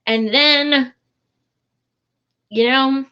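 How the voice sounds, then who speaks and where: A woman's voice: sits high, steady tone, extremely slow, sharp tone, clear, resonant tone, highs cut off. A woman giving casual, frustrated political commentary in a vlog, blunt and swearing freely, with many fillers.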